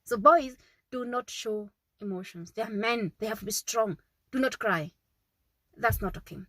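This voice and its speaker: An earnest woman in her thirties talks parents through her own mistakes, her voice sitting fairly high. She repeats points and keeps asking "okay?" in a dry, close recording. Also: moderate pace, bright, forceful tone, dry recording, poor audio. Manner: earnest, repetitive, checking in with "okay?". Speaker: parenting vlogger, mother. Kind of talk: casual advice talk to camera.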